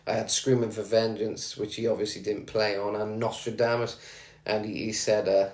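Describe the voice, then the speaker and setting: Rambling radio host, low and monotone, in a roomy room. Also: male voice, normal speed. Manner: rambling, chatty, frequent fillers and restarts. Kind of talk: casual anecdotal storytelling. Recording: roomy echo.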